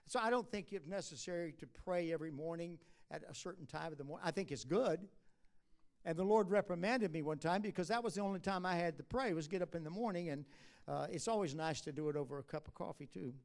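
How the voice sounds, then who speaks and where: Preacher, male, high-pitched, easygoing sermon delivery with frequent uh fillers and emphatic swells. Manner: conversational preaching, rises to emphatic, drops low and soft at asides; halting restarts and drawn-out uh fillers. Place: church conference.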